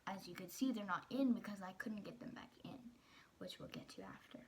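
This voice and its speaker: A woman's voice: mid-range voice, huge pitch swings, brisk. A teenage girl candidly telling a personal story in a vlog, rambling with fillers and restarts. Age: teens. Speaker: vlogger.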